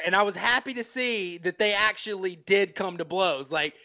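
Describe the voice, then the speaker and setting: A man with a high, bright, forceful voice talks about movies with a friend on a casual podcast. He swears freely and gets carried away with emotion as he talks, his enthusiasm spilling over. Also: moderate pace. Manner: animated, profane, swept up in emotion. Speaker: podcast co-host. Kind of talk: casual film-review chat.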